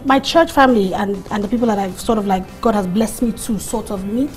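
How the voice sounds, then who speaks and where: A woman in her thirties, a comedian guest chatting and telling stories in an animated way, full of fillers. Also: mid-range voice, brisk, faint music behind. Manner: animated, storytelling, many fillers. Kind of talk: casual chat.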